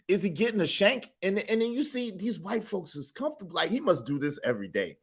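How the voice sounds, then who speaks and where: A man's voice: high-pitched, very animated, moderate pace, fairly bright tone, breathy edge. A man hosting a comedic reaction show, laughing and asking the same incredulous questions again and again. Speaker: host reacting to clips.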